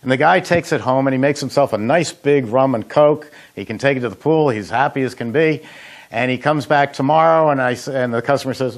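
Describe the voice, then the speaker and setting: A middle-aged man with a mid-range voice moves briskly through a casual kitchen demo of frozen desserts. As head of an ice cream machine company, he chats in a folksy, anecdotal way, dropping "uh" often.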